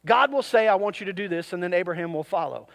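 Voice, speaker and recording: A pastor preaching a sermon to his congregation, with animated delivery and jokey asides to the crowd. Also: sits high, fast, vocal fry. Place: church service.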